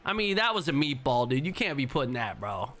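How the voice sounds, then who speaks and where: Excitable, foul-mouthed gaming host, lively. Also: male voice, medium pitch, a little fast, a crowd in the background. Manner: excitable, profane, talks to chat. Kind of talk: let's play commentary.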